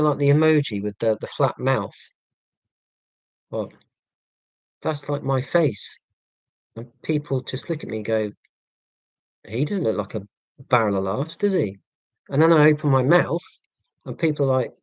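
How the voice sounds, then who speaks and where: A man chatting casually on a live stream in a flat monotone, with a dry, self-deprecating sense of humour. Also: mid-range voice, no room sound. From England. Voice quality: monotone delivery.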